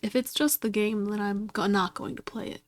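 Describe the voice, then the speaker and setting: A woman's voice: medium pitch, fairly even intonation, normal speed, no room sound. A woman streaming herself at her computer, chatting casually to herself and getting exasperated and swearing at the game. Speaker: gaming streamer. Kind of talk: casual chat while playing a computer game.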